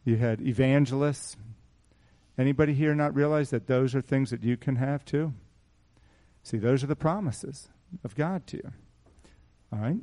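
A man's voice: medium pitch, moderate pace, pauses often, dark tone. A man preaching a sermon to a small congregation, mixing conversational asides and rhetorical questions with scripture read aloud in a raised voice. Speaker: pastor.

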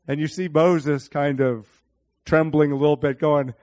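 A man preaching a sermon, animated, speaking to his congregation by name and acting out Bible scenes in different voices. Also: on the high side, measured pace.

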